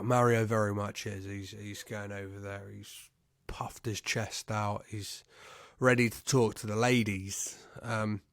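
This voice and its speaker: A man hosts a podcast, walking through a film's plot in a relaxed, halting way and swearing as he acts out what the characters say. His voice is low and gravelly, and he talks slowly. The sound is dry and close. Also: dry recording. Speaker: podcast host. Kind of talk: casual film plot recap.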